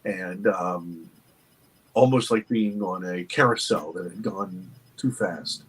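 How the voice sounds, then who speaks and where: A man, an interview guest, earnestly telling a personal story with halting restarts. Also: deep voice, a bit bright, husky, low-quality recording. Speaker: interview guest, documentary producer.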